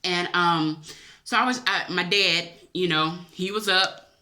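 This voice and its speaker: A woman's voice: on the low side, measured pace, pushed and bright. A woman vlogger, emotional and chatty, tells viewers a personal dream story, teary-eyed and calling them y'all.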